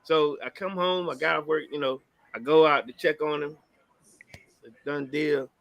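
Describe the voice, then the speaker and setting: A man's voice: fairly high pitch, moderate pace, no echo, muffled recording. Man telling stories in casual chat. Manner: loose, storytelling, animated impressions of family. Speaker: podcast co-host.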